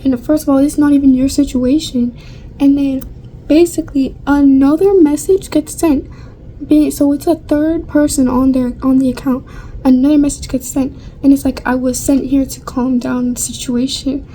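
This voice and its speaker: A woman's voice: high voice, warm tone, slight background noise, rough recording. A young woman vlogger chatting casually through a storytime while getting ready, rambling with lots of fillers and casual swearing.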